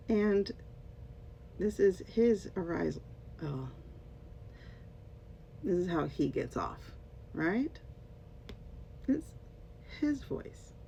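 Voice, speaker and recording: A former English teacher talks straight to her viewers in a casual commentary vlog, sarcastic and emphatic. Her voice is creaky and dark, and the lo-fi recording sounds dull with a faint rumble.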